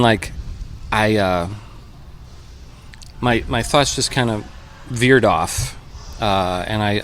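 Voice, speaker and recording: A man in his fifties, a musician guest, talking in a relaxed, reflective way with many pauses and fillers, in a brewpub. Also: on the low side, a little hiss or hum. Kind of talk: relaxed conversational interview. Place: brewpub restaurant.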